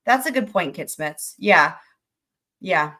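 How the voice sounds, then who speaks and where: A woman with a bright, forceful voice that sits a little low for her. She talks over trial evidence in loose, animated commentary, sounding incredulous and swearing without a second thought. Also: takes it slowly. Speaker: livestream host. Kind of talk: casual trial recap commentary.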